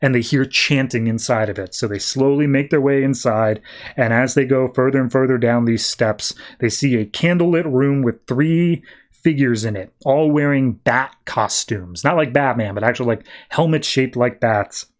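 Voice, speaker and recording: A man's voice: mid-range voice, normal speed. A man, a podcast host, casually recapping a comic book in a chatty storytelling way.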